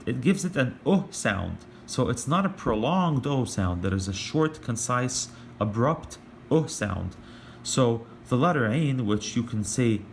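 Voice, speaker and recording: A man teaching an online lesson in a casual, hesitant way, full of fillers and restarts, who slows down to demonstrate sounds. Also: medium pitch, slight background noise. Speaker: language teacher.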